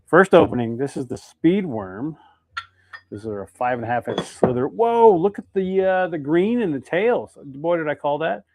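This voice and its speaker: A man's voice: fairly high pitch, expressive, normal speed, no echo, studio quality. Chatty man hosting a live stream. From Idaho, United States. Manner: chatty, reads viewer comments aloud. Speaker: live stream host making fishing baits. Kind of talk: casual live stream chat.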